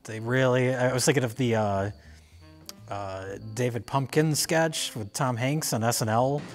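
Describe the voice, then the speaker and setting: A man's voice: mid-range voice, unhurried, soft background music. Sardonic man reviewing films. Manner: dry, sardonic critique. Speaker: film reviewer, co-host. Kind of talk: casual chat.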